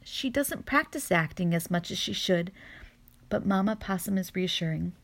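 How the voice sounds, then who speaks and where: A woman narrating a children's storybook in a gentle, expressive reading voice. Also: lowish voice, moderate pace, gravelly.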